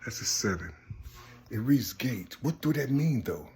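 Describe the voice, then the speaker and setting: Slow, halting man, rambling monologue. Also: mid-range voice, animated. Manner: repetitive, searching, keeps asking "you see?"; slow, halting, often trails off softly. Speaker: speaker sharing personal visions.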